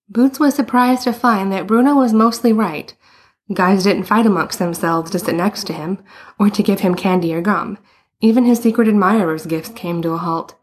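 Husky, lower-voiced woman narrating a story. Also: normal speed. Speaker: audiobook narrator. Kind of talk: scripted narration.

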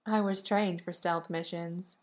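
A woman voicing a gentle, playful young husband in a storybook reading, speaking softly and affectionately. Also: lowish voice, fairly even intonation, a little slow, natural voice. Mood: tender.

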